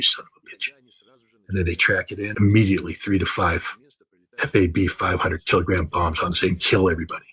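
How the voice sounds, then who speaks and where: A man's voice: lowish voice, a bit bright, husky, poor audio. An older man talking in an unscripted interview as a guest commentator, emphatic and repeating phrases for stress.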